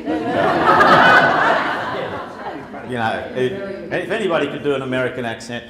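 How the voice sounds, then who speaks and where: A man's voice: medium pitch, wildly swooping pitch, moderate pace, a crowd in the background. A man giving a chatty, humorous public talk with slides to an audience, with lots of fillers. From Australia. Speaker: speaker. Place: lecture hall before an audience. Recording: echoey hall, faint background noise.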